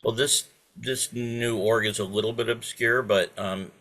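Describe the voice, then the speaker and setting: A man on a video call, talking at length in a halting way with many restarts. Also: lowish voice, fairly even intonation, pushed and bright. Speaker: participant. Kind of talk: casual video call chat.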